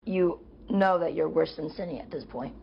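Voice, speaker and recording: A woman with a lowish, very gravelly voice lectures her roommate in a confrontational tone. The clip sounds dull and lo-fi, with faint noise underneath. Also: normal speed. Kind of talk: heated confrontation.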